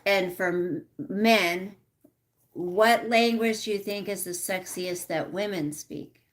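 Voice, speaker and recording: A middle-aged woman hosts a relaxed live chat, answering her viewers one by one. She speaks at an unhurried pace, reading out their comments as they arrive. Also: mid-range voice. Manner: chatty, reads out viewer comments. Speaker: livestream host.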